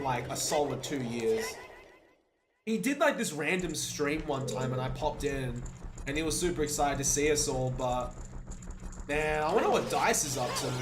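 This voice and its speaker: Chatty young man over game music. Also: on the high side. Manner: upbeat, chatty, reminiscing with bursts of laughter. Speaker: speedrunner streaming live. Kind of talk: casual chat with viewers while playing.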